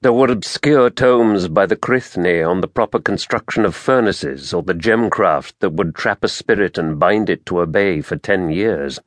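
A man narrating a fantasy audiobook in a measured, dramatic storytelling manner, recorded close to the mic. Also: deep voice, no room sound.

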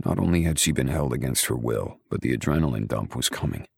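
Very deep gravelly male audiobook narrator. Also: expressive, fast, a little mellow, no room sound. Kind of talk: first-person scripted narration.

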